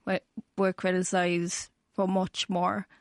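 A woman speaks in a measured, earnest way from a regional radio studio. Her voice is flat and even, and the sound is dry and close, with no room echo. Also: on the low side. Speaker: artist guest. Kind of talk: radio interview answers.

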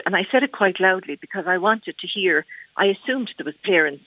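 Hesitant and heavy with fillers and restarts, a woman from Ireland rings in to a radio phone-in on a tinny line. She has a lowish voice, talks fairly quickly, and the recording is dry.

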